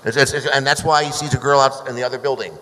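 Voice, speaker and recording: A man's voice: mid-range voice, quick pace. Rambling man telling a set story. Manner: rambling storyteller with many restarts, animated when quoting others. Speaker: screenwriter guest. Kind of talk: anecdotal panel talk. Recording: hall reverb.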